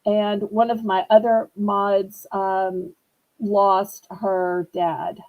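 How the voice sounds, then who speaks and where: A woman's voice: mid-range voice, flat delivery, phone-quality sound. A woman from New Orleans, chatting with viewers while selling items in a live-stream auction. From New Orleans, USA. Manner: slow, sympathetic, chatty with viewers.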